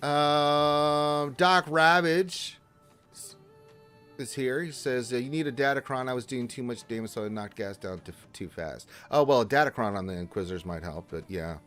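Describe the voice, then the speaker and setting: A man hosting a casual gaming livestream, greeting viewers by name and answering chat questions in a jokey, animated way. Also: medium pitch, normal speed, clean tone, faint music behind. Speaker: livestream host reading chat.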